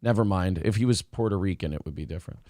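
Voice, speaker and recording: A man's voice: deep voice, quick pace, warm tone, no room sound, studio quality. A man co-hosting a casual morning live stream, reading viewer messages aloud and trash-talking rivals with brash, boastful swagger. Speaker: co-host of a morning show.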